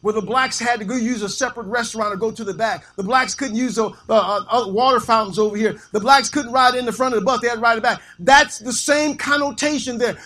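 A man's voice: very high-pitched, quick pace, few pauses, bright, forceful tone. A man from Illinois, a pastor preaching a sermon with scripture quotes and calls of amen, teasing his congregation now and then. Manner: preaching with call-and-response amens, quoting scripture.

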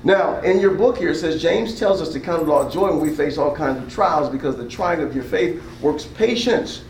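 A man's voice: fairly high pitch, lively intonation, moderate pace, darkish tone, reverberant, a little hiss or hum, rough recording. A man preaching an interactive sermon as pastor, asking the congregation questions and drawing call-and-response. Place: church hall.

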